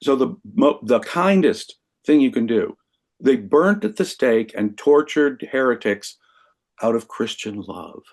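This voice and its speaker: A man speaking as a guest in a conversational discussion, animated and emphatic, with frequent restarts. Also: mid-range voice, measured pace.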